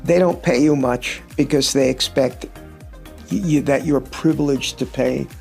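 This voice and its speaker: A man's voice: mid-range voice, unhurried, vocal fry, darkish tone, soft background music. A middle-aged man, a touring guitarist, chatting casually in an interview and telling rambling stories with wry humor. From United States.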